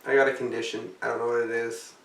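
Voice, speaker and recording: A man's voice: medium pitch, level tone, quick pace, creaky. Tired guy rambling and swearing on his vlog, kinda far from the mic, echoey room. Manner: rambling, profane and jokey. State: tired, yawning. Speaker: vlogger.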